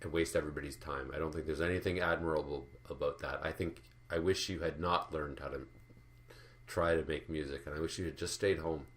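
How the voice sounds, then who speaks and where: A man's voice: extremely low pitch, steady tone, fairly quick, a bit bright. A man delivering a rambling, profane, sardonic rant as an art commentary vlogger. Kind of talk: ranting monologue.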